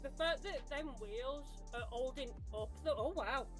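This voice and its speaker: A woman's voice: sits high, a little slow, over loud music. A woman cohosting a video reaction stream, laughing and exclaiming casually. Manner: giggly, exclaiming.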